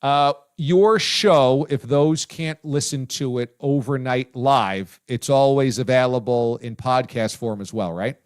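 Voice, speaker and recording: A male sports radio host giving loud, effusive praise and chatting casually with his guest. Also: mid-range voice, measured pace, hardly any pauses, smooth. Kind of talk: casual talk radio chat.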